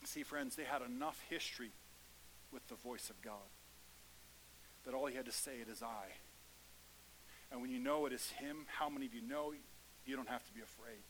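A man preaching a sermon in a church, swinging between hushed lines and loud, fervent calls. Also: mid-range voice, normal speed, long pauses, a little hiss or hum, rough recording.

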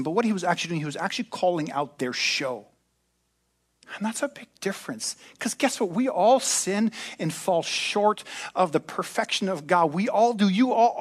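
A pastor delivering a sermon at a church service in a conversational style, slipping in joking asides. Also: male voice, sits high.

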